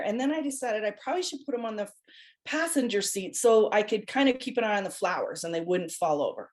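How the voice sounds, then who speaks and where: Animated, laughing woman podcast host. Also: a little high. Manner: animated, laughing storyteller with many restarts. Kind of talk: casual storytelling chat.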